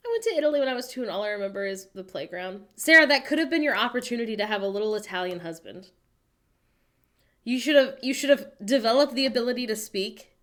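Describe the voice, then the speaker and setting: An American woman hosting a casual livestream, chatting playfully and reading viewers' messages aloud with animated, self-mocking humor. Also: fairly high pitch. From United States. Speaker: livestream host reading chat. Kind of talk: casual chat.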